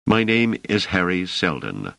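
A man's voice: sits low, very animated, unhurried, vocal fry, a bit bright, dry recording, voice pushed up, full character voice. A man reading aloud who voices a scholarly stranger with a dry, ironic, exasperated manner.

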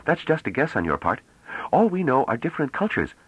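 A man voicing a calm, placid male historian in an audiobook, measured and reasoning. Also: mid-range voice, breathy edge, no echo, rough recording. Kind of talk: audiobook character reading.

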